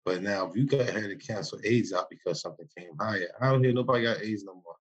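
A man in his forties with a fairly low, breathy voice talks fast while co-hosting a podcast, sounding muffled because a broken mic forced him onto a poor makeshift substitute. His casual chat is loose, preachy, rambling street talk.

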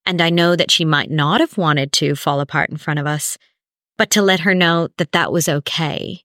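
A woman speaking as a podcast guest, telling a personal story in a candid, animated way. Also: deep voice, normal speed, dry recording, clean studio sound. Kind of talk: emotional personal conversation.

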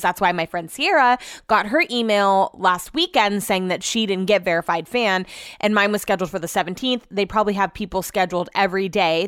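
A woman's voice: medium pitch, a bit bright, smooth, no echo, studio quality. A young woman rambling casually through a vlog, swearing freely and breaking off to scold her dogs. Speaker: vlogger.

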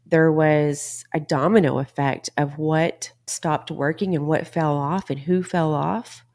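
Woman host, middle-aged, lower voice, emphatic motivational talk with casual swearing. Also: a little mellow. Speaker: podcast host. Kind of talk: motivational monologue.

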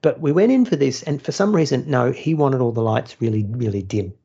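A man tells a story in loose podcast chat, blunt and animated, dropping swear words. His voice is gravelly with a husky edge. The audio sounds a little dull and lo-fi. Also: mid-range voice, fairly quick. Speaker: former churchgoer turned atheist, storyteller.

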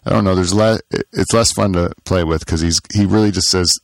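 Low-voiced joking man hosting a podcast. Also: brisk, vocal fry, dry recording. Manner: joking, rambling, with many fillers and mock-announcer intros. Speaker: podcast host. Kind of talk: casual comedy banter. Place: pool shed.

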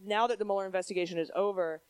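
A woman's voice: mid-range voice, steady tone, very fast, smooth, no room sound. Casual woman co-host, dry close sound. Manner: rambling, filler-heavy explaining. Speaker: podcast co-host. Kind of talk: live podcast banter. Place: theater stage before a live audience.

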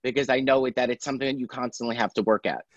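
A man talking as a guest in a casual interview chat, telling stories in a chatty, animated way. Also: mid-range voice, rapid-fire, no echo. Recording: dry, dull lo-fi sound.

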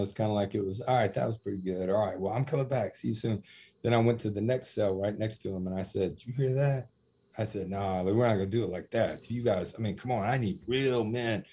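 Animated man telling stories, dark husky voice. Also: on the low side. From USA. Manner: animated storyteller, acts out quotes with laughs. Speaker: prison minister. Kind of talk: storytelling in a podcast interview.

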